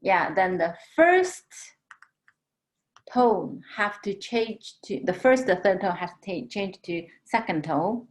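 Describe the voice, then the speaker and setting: A woman teaching a language lesson, patiently explaining tones and drawing out model words slowly. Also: medium pitch, big pitch swings. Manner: slow, patient, drawn-out model pronunciations.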